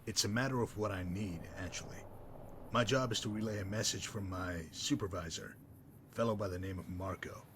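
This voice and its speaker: A man voicing a smug, sardonic male messenger-mercenary in a game, dry and mocking in manner, wordy and unhurried. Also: lowish voice, noisy background, lightly acted. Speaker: game character. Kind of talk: voiced game dialogue.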